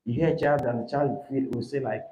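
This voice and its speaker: A man teaching an IELTS speaking class, animated and emphatic, often checking in with "right?". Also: mid-range voice, brisk, slight background noise, low-quality recording. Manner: animated, rising to emphatic points, asks "right?". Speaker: IELTS tutor.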